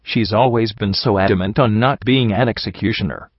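A man's voice: on the low side, brisk, no echo, lo-fi sound, lightly acted. A man reading the worried young mare Glory in an audiobook, anxious and earnest.

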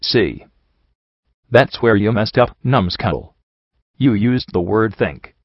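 A man's voice: on the low side, animated, slow, dry recording, exaggerated voice. A man voicing a cocky, pompous unicorn stallion who leads a bandit gang, talking down with smug condescension. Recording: dull lo-fi recording.

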